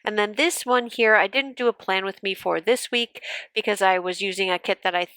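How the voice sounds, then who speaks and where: A woman's voice: medium pitch, fairly quick, bright, forceful tone, smooth, no room sound. Stuffy-nosed woman chatting casually. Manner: chatty, rambling, with fillers. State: stuffy nose from allergies. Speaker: planner vlogger. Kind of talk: casual plan-with-me chat.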